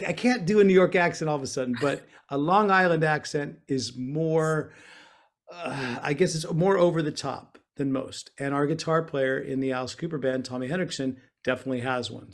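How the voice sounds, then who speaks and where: Guy on a video call from his bedroom, kinda high voice, rambly and laid back, lots of ums. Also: normal speed. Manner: rambling, easygoing, many fillers and restarts. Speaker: guest guitarist. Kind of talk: casual chat over a video call. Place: small bedroom.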